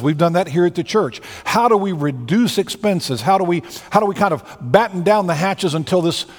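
A man's voice: on the high side, long reverb tail. A man preaching a sermon as pastor, talking in a conversational, storytelling way and acting out the quotes he tells.

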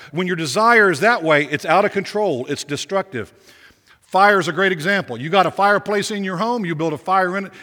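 A man's voice: on the high side, sharp tone. A male pastor preaching a sermon with emphatic repetition and rhetorical questions. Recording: long reverb of a big hall.

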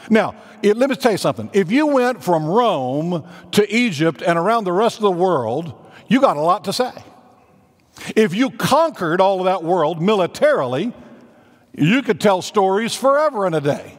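A man, preaching a sermon as pastor with dramatic pauses and emphatic rising declarations, in a church sanctuary. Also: high-pitched, very animated. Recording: reverberant church hall.

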